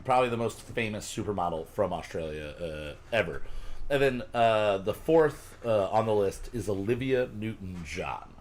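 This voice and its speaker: A man's voice: fairly low pitch, lively intonation, normal speed, slight background noise. A man hosting a casual chat with friends, explaining a list in a chatty way and swearing now and then. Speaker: podcast host.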